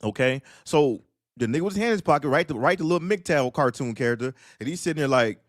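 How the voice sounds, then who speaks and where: A man's voice: a little high, expressive, fast talker, no echo, clean studio sound. A man on an online talk panel, ranting in a casual, emphatic and repetitive way and acting out the voices in his stories. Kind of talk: casual commentary rant.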